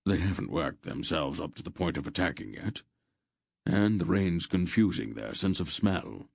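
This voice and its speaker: A man voicing a calm old sorcerer. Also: low voice, normal speed, vocal fry, dry recording, clean studio sound, heavily acted. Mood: commanding. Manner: calm, decisive.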